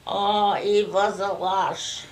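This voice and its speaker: An older woman from Ukraine, giving an oral history interview in a halting way, repeating words as she searches for them. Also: mid-range voice, little pitch movement. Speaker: interviewee recounting wartime memories. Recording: distant mic, faint background noise.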